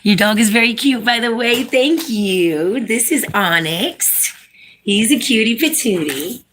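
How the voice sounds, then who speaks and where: A woman's voice: a little high, lively intonation, a little slow, a bit bright, a little hiss or hum. A woman hosting a casual live stream, chatting with viewers, reading out their comments and coaxing her dog to sit.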